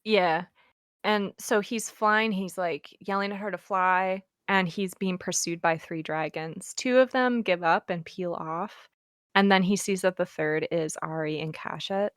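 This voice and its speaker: A young woman co-hosting a book podcast, casually retelling the story in a quick, chatty way and acting out the characters' lines. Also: on the low side, smooth, no room sound, clean studio sound. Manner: retells the plot quickly with many likes, acts out quotes. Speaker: podcast co-host.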